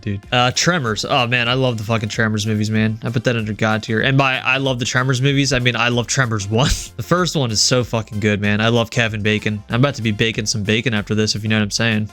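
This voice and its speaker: A man's voice: medium pitch, fairly bright tone. A man hosting his own channel, ranking horror movies in a rambling, profane, enthusiastic chat. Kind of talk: casual tier-list ranking chat.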